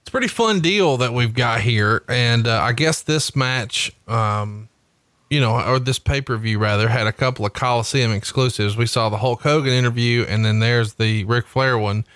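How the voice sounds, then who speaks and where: A man's voice: medium pitch, moderate pace, no room sound. A man co-hosting a podcast, talking casually and a bit hesitantly. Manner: relaxed, hesitant with fillers. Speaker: podcast co-host. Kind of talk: casual chat.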